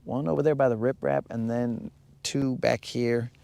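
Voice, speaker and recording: The gravelly, mellow mid-range voice of a fishing stream host keeps fairly even intonation at normal speed. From his boat on a lake, he rambles, jokes and responds to viewer comments live.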